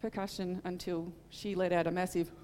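A woman's voice: medium pitch, a little mellow, in a large hall. A middle-aged woman preaching in church, telling a personal testimony in an earnest, heartfelt way. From Australia. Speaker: church speaker.

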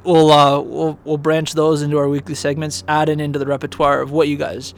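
A man's voice: a little high, monotone, a little fast, slight background noise. A man co-hosting a podcast, rambling and mocking himself in casual golf banter. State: teary right eye. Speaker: podcast co-host.

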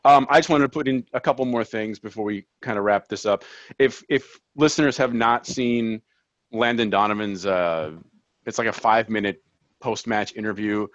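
A man's voice: fairly low pitch, moderate pace, no echo, dull audio. A man co-hosting a soccer podcast, talking in casual chat and making his points with emphasis. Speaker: podcast co-host.

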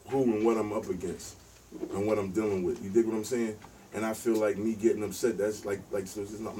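A man's voice: on the low side, dark tone. A man in a casual group discussion who asks probing questions and often says "you dig what I'm saying". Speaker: podcast participant. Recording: distant mic with faint noise.

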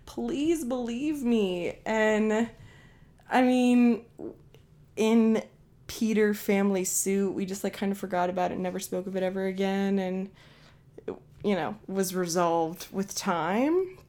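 A woman's voice: mid-range voice, fairly even intonation, a little slow, a little mellow. A young woman from Ohio telling a story in a casual monologue, blunt and full of swearing. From Ohio, USA. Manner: profane, blunt, emphatic. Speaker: podcast host.

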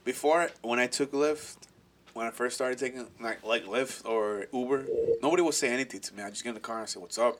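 A man's voice: medium pitch, brisk. A young man co-hosting a podcast, swearing freely and cutting in with crude jokes. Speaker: podcast co-host. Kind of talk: casual chat.

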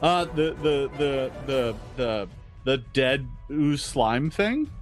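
A man running a tabletop game as game master, narrating monsters' attacks and calling for rolls with a lively, laughing manner. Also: mid-range voice, takes it slowly, soft background music.

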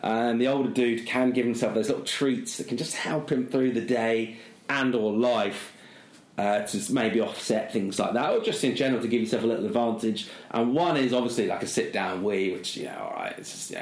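A man's voice: mid-range voice, brisk, reverberant. A middle-aged man, co-hosting a casual chat and telling a long self-mocking story, full of fillers. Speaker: podcast co-host.

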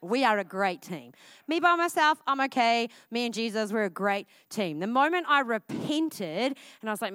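A woman, preaching a casual, energetic sermon at church. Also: on the high side, normal speed, no echo. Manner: casual and energetic, with frequent "like" fillers.

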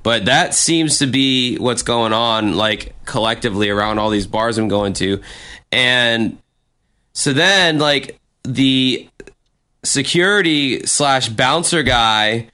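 A man casually telling a story on a chat show, animated and swearing, acting out what people said. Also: mid-range voice, takes it slowly, smooth. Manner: animated, acts out quotes with profanity.

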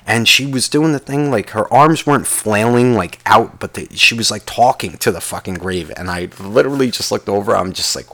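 A man's voice: fairly low pitch, moderate pace, few pauses, bright, forceful tone. A man telling a rambling comic story, swearing constantly and interrupting himself. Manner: profane, rambling, self-interrupting. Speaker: vlogger.

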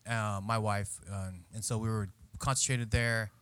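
A man's voice: on the low side, flat delivery, moderate pace, a bit bright, clean tone, no room sound. A man hosting a podcast at a bar, talking in a loose, rambling way and acting out quotes in voices. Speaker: podcast host. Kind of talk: casual chat.

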